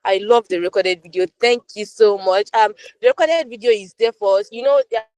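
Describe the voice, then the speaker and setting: A woman's voice: medium pitch, a little fast, a little mellow, no room sound. A woman tutoring a live online class, reading out viewer comments in an upbeat way, with lots of repetition and fillers. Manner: upbeat, repeats phrases, many fillers.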